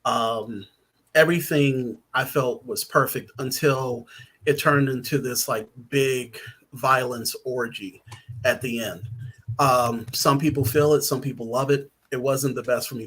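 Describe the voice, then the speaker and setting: A man's voice: mid-range voice, fairly even intonation, unhurried, fairly bright tone. Rambling man chatting on a podcast. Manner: rambling with frequent ums and laughs. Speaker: podcast guest, writer. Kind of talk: casual podcast chat.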